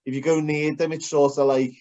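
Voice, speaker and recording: A man's voice: on the high side, level tone, fairly quick, darkish tone. Laddish man, dull lo-fi audio. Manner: rambling, laddish, says "mate" and "lad" a lot. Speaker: podcast co-host. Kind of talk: casual sports podcast chat.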